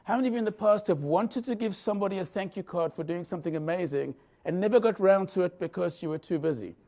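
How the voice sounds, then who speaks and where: In a conference room, a leadership professor presents a lively session to a live audience, asking them questions as he goes. His voice sits high and has a dark tone, and he talks fast.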